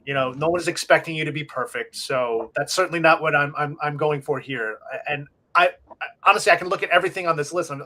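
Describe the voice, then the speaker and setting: A man's voice: a little high, fast talker, pushed and bright. A middle-aged man from Long Island co-hosting a casual talk show, rambling and self-deprecating with many restarts. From Long Island, New York. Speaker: co-host. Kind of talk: casual podcast chat.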